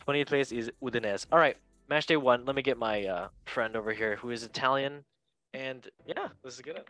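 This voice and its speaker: A man's voice: mid-range voice, brisk, fairly bright tone, dry recording, soft background music. A young man hosting a casual sports podcast, chatty and enthusiastic with plenty of slang. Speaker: podcast host.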